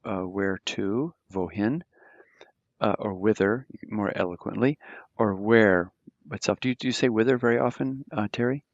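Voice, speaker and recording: A man's voice: lowish voice, normal speed, highs cut off. A man teaching a German grammar lesson, explaining patiently with lots of fillers and restarts. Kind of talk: live online grammar lesson.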